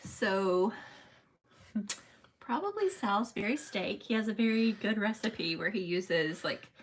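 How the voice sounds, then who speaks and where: A congested woman with a sore throat, talking in a nasal, flat way at an ordinary middle pitch. She co-hosts a relaxed live-stream chat, greeting viewers and reading out their comments in an easy, unhurried manner.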